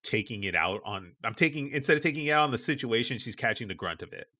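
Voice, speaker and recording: A man's voice: mid-range voice, expressive, quick pace, sharp tone. A middle-aged man co-hosting a podcast, telling a story in casual chat and acting out the people he quotes. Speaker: podcast co-host.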